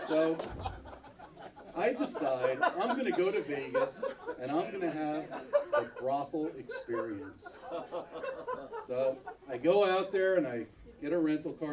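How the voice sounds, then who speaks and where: A man's voice: a little high, distant mic, low-quality recording. A man doing a stand-up comedy set on a club stage, acting out the other people in his jokes. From New Jersey, US. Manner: animated, acts out other characters in his jokes.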